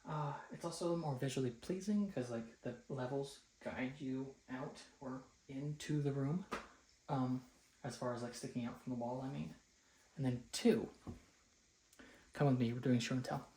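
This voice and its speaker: A man's voice: mid-range voice, fairly even intonation, normal speed, mellow, reverberant, a little hiss or hum. A young man talking casually at home in a rambling vlog, full of fillers as he explains his room setup. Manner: rambling, chatty, filler-heavy. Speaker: vlogger. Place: home, rooms and stairs.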